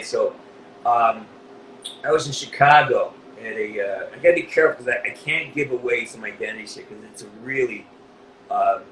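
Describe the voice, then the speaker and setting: A man's voice: mid-range voice, a bit bright. A man who voices a game character, telling an emotional story in a casual interview, swearing freely and restarting often. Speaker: voice actor guest. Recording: echoey room with faint background noise.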